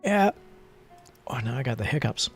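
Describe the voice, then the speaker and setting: A man chatting casually on a relaxed stream, rambling and joking at his own expense. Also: medium pitch, normal speed, soft background music. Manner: rambling, playful, self-mocking.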